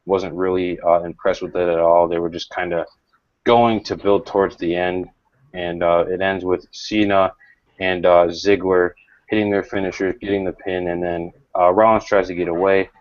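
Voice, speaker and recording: A man hosting a casual panel review, talking calmly and critically with many fillers and pauses. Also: sits low, no echo. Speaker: show host. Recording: dry, dull lo-fi audio.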